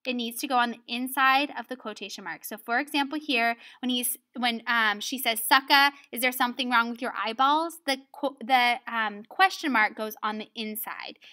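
Bright-voiced woman teaching writing. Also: fairly high pitch. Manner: explanatory, frequently checks in with "right?". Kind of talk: recorded lesson video.

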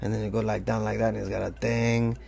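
Chill guy teaching a draw-along, gravelly voice, rambly and loose. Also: fairly low pitch, level tone, fast, darkish tone. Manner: rambling, loose, full of "like" and sound effects. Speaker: art teacher. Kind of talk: casual draw-along tutorial.

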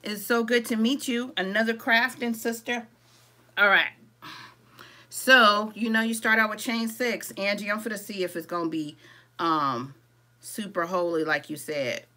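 A woman with a medium-pitched voice leads a live crochet-along tutorial at an unhurried pace. Casual and relaxed, she calls her viewers "y'all", greets them by name and reads out their comments as she works.

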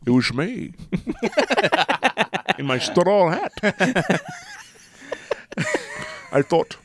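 A man's voice: high voice, very animated, extremely slow, a little hiss or hum. A man co-hosting a podcast who jokes around and laughs often while chatting about a movie. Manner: jokey, slips into silly bits, laughs a lot. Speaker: podcast co-host. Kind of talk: casual movie chat.

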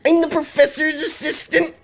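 A chatty young woman assistant from a video game, her voice pushed up high and squeezed thin, every phrase coming out stiff and robotic, as a man puts her on. She sounds like a talking machine trying to be friendly. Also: little pitch movement, moderate pace, over music. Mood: stiff chirpy. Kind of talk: voicing game dialogue aloud.

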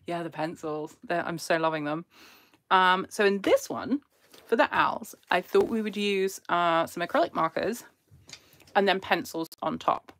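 A woman's voice: on the low side, fairly bright tone. A woman hosting a casual drawing livestream, chatty and self-deprecating, talking close to a phone camera. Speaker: art channel host. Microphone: phone held close as camera.

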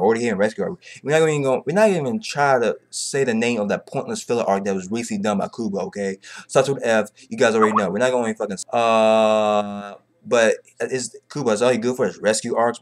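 A man chatting casually in a rambling, profane way, repeating filler phrases and jumping up in pitch when exasperated. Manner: rambling, profane, repeats phrases like "bro" and "you know what I'm saying"; animated, pitch jumps high when exasperated. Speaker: manga commentator. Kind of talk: casual chat.

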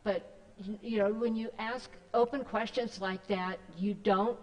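A woman's voice: mid-range voice, steady tone, unhurried, darkish tone. Chatty woman talking to a church group, lots of ums, echoey hall sound. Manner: chatty, rambling, with many fillers and restarts. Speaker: guest speaker. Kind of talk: casual talk to a church group.

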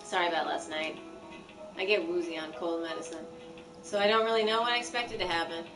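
A woman's voice: lowish voice, fairly even intonation, brisk. A woman streaming a game with her sister, reading character lines aloud with playful, dramatic outbursts. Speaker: let's play streamer. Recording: distant mic with game music.

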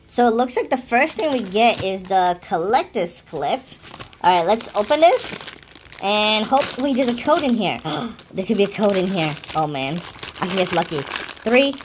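A woman hosting a casual unboxing video, chatty, excitable and slangy, with gasps and giggles. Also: medium pitch. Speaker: channel host.

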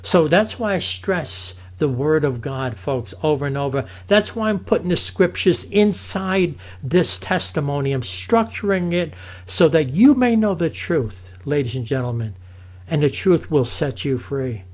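A man's voice: fairly high pitch, lively intonation, a little slow, darkish tone. A man giving a fervent preaching testimony, calling his listeners "folks" again and again. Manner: fervent, repeats "folks" often.

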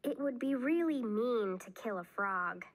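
A woman's voice: fairly high pitch, lively intonation, a little slow. A woman reading aloud, voicing a serious young girl who plays at being a witch, earnest and a bit bossy.

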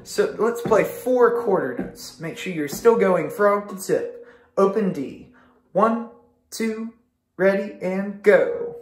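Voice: medium pitch, expressive, slow. A string teacher leading an online music lesson, counting beats aloud with patient encouragement. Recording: echoey room with violin playing.

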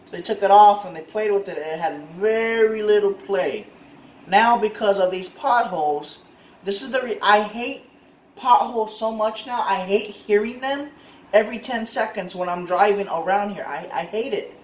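A man's voice: high voice, moderate pace, slight background noise. Frustrated man ranting in an echoey space. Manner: frustrated, repetitive, profane. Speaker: car owner vlogger. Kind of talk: casual ranting vlog.

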